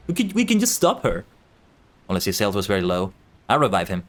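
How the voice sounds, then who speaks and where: A man streaming a game, chatting casually and excitably, joking and swearing freely as he plays. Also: lowish voice, fairly quick, pauses often, soft background music. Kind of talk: casual gaming commentary.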